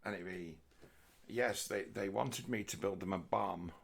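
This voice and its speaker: Gravelly, husky man rambling sweary jokes. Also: low voice, a little slow. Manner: sweary, meandering, slips into mocking voices. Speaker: comedian. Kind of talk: rambling stand-up style monologue.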